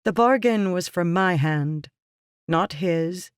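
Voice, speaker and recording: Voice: mid-range voice, slow pace, clear, resonant tone, dry recording, studio quality, pitched above the performer's own voice, lightly acted. A reader voicing a proud, commanding woman leader. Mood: firm. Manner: firm, indignant. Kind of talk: audiobook character reading.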